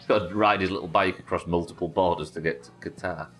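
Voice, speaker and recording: A British game streamer speaks low and brisk with a slight brightness as soft music plays behind him. In his casual live gameplay chat he talks freely with viewers, reading out their messages and swearing without restraint.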